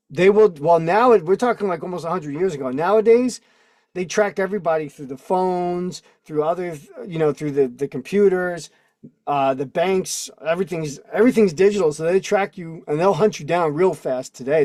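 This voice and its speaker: Man, casual rambling host, indignant, fairly high voice, dry close mic. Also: a little mellow, no echo. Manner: rambling, reads text aloud then riffs indignantly. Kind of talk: casual livestream chat.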